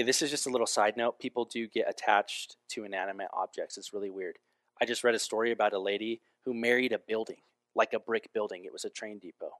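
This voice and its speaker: A man preaching a sermon as pastor, in a casual, animated way with frequent asides. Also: lowish voice, no echo. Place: church.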